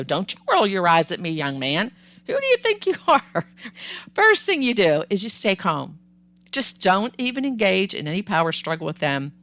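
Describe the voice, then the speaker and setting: A woman hosts a solo parenting podcast, offering upbeat, conversational advice and sometimes acting out what parents and children say. Her voice is on the low side and fairly bright, with no room sound.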